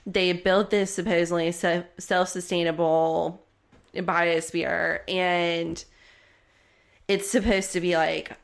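A woman's voice: on the low side, little pitch movement, slow, gravelly. A woman co-hosting a casual podcast, talking in a chatty way with lots of "like" fillers. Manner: chatty, frequent "like" fillers, laughs easily. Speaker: podcast co-host. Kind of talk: casual chat.

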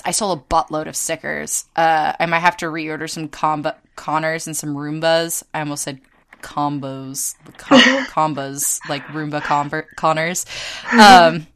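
A young adult woman hosting a podcast, telling convention stories in casual chat, animated, swearing freely and laughing often. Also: sits low, smooth. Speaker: podcast host and convention artist.

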